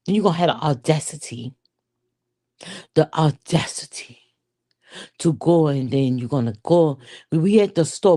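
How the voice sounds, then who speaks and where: Scorned woman, low mellow voice, foreign accent, cursing rant, put on by a woman. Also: slightly rough. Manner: foul-mouthed ranting, put-on foreign accent. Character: furious scorned township woman cursing her cheating man.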